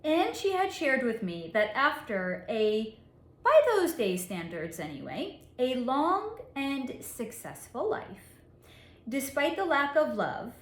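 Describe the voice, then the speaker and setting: A woman psychic reader telling a story in a monologue, with deliberate dramatic pauses and frequent laughs. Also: high voice, very animated. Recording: echoey room.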